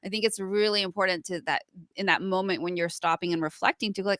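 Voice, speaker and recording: A woman's voice: medium pitch, steady tone, fast, fairly bright tone, no echo, studio quality. A woman co-hosting a podcast, talking reflectively and acting out inner thoughts as she speaks. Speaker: podcast co-host. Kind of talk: casual conversational discussion.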